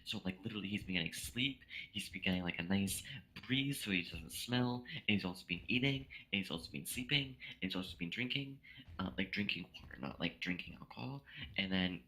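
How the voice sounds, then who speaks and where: A man's voice: low voice, brisk, pushed and bright, husky, low-quality recording. A drunk young man rambling and stammering through a story in casual chat with friends.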